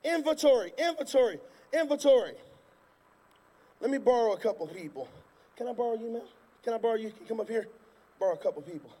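A male pastor preaching a sermon from a church stage, emphatic and repetitive, breaking into sudden shouts. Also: sits high, animated, rapid-fire, slightly rough. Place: church stage before a congregation. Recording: long reverb of a large hall.

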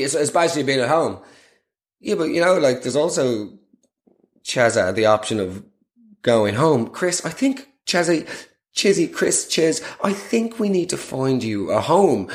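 Young male podcast host, mid-pitched, telling a sweary, sarcastic comic story. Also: very animated, normal speed, reverberant. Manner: sarcastic, profane.

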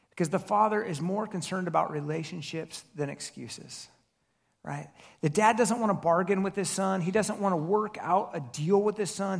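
A man's voice: high voice, creaky. A man in his thirties, a pastor giving a conversational sermon, full of rhetorical questions and restarts.

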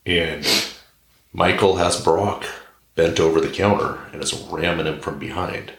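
Very deep-voiced man telling crude jokes. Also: fairly even intonation, unhurried. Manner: rambling, irreverent, joking. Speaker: podcast host. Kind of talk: crude comedic storytelling. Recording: echoey room.

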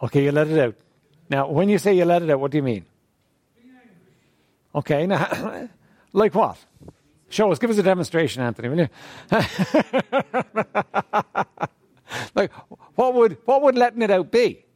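A man leads a church group in a question-and-answer talk. His voice sits a bit high and swings widely in pitch. The sound is dry and close, with no room echo, and he keeps clearing his throat. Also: lively intonation, unhurried, long pauses, a little mellow. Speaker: teacher leading a church group. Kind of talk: interactive talk on faith.

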